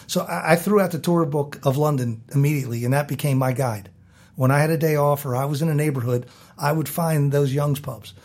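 A middle-aged American man from Baltimore, telling a lively story as an interview guest and acting out the people he quotes. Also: on the high side, brisk. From South Baltimore, USA. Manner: animated storyteller who acts out quoted voices.

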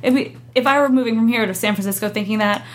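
A young woman speaks as a guest in a relaxed interview, telling her story with energy. She slips into the voices of the people she quotes. A faint hiss sits under the recording. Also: a little high, fast. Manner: animated storyteller, acts out quotes. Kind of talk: casual interview chat.

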